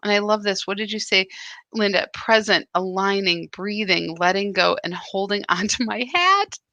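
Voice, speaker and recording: A woman leads a live spiritual session in a bright, forward voice. She talks in a lively, chatty way and keeps checking in with "right?". The sound is close and dry. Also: mid-range voice, normal speed, no echo, muffled recording. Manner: animated, chatty, full of "right?" asides. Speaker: spiritual guide leading a live practice. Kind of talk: live-stream spiritual talk.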